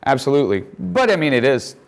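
A man teaching a Bible lesson, reading passages aloud and acting out quoted lines with animated voices. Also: medium pitch, fast, creaky.

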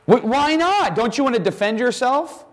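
A man's voice: extremely high pitch, very animated, fast, voice pushed up, exaggerated voice. A man voicing an exasperated Roman governor who presses with incredulous questions.

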